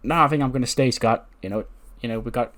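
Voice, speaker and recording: A man voicing a calm, easygoing young tag team wrestler in a wrestling game playthrough. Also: mid-range voice, fast talker, natural voice.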